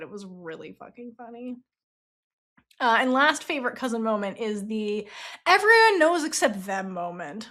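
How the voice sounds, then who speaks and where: A woman's voice: on the high side, a bit bright. A woman hosting a book podcast, chatting casually, laughing often and acting out quotes from the story. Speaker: podcast host reviewing a novel. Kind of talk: casual chat.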